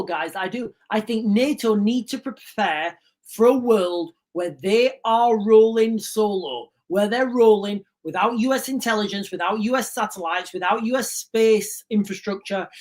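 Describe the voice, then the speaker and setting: A woman hosting a casual livestream, rambling and repeating herself, earnest and emotional, often calling her viewers "guys". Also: mid-range voice. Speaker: livestream host.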